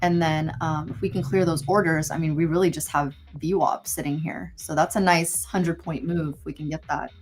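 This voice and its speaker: A woman's voice: deep voice, fairly even intonation, moderate pace, few pauses. A woman hosting a live trading stream, thinking aloud about the market in a chatty, easygoing way. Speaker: host trader. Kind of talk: casual live trading commentary.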